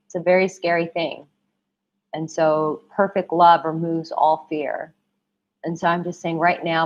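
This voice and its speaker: A woman's voice: deep voice, level tone, a little slow. A young woman coaching on a live stream Q&A, affectionate and emphatic, calling viewers babe. Her voice is going. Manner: emphatic, repeats herself. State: losing her voice. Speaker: dating and relationship coach. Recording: dull lo-fi livestream audio.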